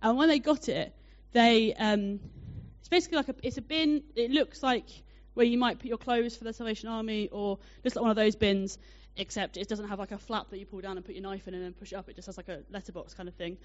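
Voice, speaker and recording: A young woman preaching a sermon, telling a personal story in a chatty, animated way with many fillers. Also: medium pitch, fast talker, few pauses. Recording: dull lo-fi sound.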